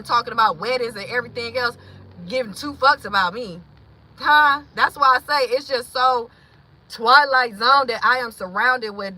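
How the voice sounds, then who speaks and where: Woman livestream host, raw and profane venting, greets chat, high piercing voice. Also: low-quality recording. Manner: blunt and profane, swings from heated to hushed; greets chat viewers mid-rant.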